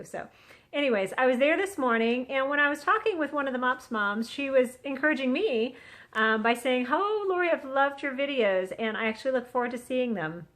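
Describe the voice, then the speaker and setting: Chatty woman with a bright, high voice. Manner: chatty, earnest, acts out quotes. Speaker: vlogger sharing a devotional. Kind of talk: casual Christian encouragement vlog. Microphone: phone on a selfie stick.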